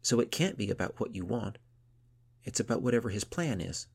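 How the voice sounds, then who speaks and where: A man's voice: lowish voice, animated, fairly quick, vocal fry, breathy edge, voice pushed up, exaggerated voice. A man voicing a frightened young girl in a storybook, pleading with a catch in her voice. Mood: wondering.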